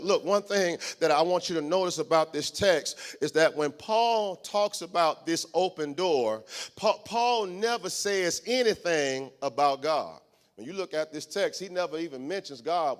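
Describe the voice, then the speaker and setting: Preacher, male, high register, call-and-response sermon with repetition and passionate build-ups. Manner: call-and-response preaching, repeats phrases, urges congregation to respond; swings from hushed teaching to loud impassioned preaching. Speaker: pastor.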